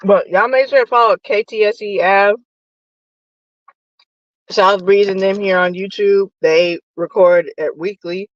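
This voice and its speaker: A woman hosting a casual, profane sports chat from her parked car while eating lunch, animated and nosy. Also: medium pitch, a little slow, no room sound, muffled recording. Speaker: sports podcast host. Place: parked car in a parking lot.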